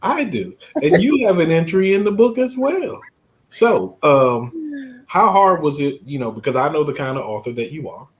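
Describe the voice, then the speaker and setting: Casting: male co-host, earnest, with a lively swinging pitch. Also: moderate pace. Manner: earnest, repeats words while building a point. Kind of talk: casual interview chat.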